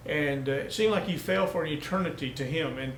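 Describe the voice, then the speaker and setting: A man's voice: on the high side, fairly quick. A man, a pastor, telling a folksy story during a sermon. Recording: echoey room with faint noise.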